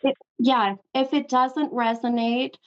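A woman's voice: sits high, steady tone, slow pace, lo-fi sound. A woman hosting a psychic call-in show, giving an affectionate spirit reading and calling the caller hun. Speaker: psychic medium show host.

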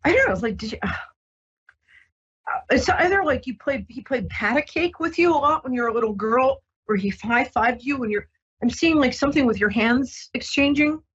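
A woman hosting a psychic radio show, talking gently and reassuringly with many ums and restarts. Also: high voice, expressive, moderate pace, breathy edge, highs cut off. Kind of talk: casual radio psychic reading.

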